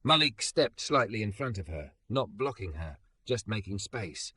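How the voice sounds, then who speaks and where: Low, bright-toned male storyteller. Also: sing-song, moderate pace, husky. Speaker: narrator. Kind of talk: scripted story narration.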